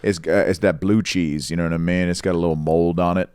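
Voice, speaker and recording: Low-voiced man trading crude jokes. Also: fast, smooth, dry recording. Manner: animated, profane, exclamatory. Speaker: podcast co-host. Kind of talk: crude comedic banter.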